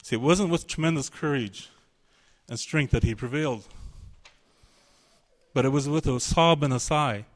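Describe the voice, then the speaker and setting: A man's voice: medium pitch, moderate pace, long pauses. A man preaching a sermon, emphatic and searching, voicing the pleading of a biblical figure in his quotes.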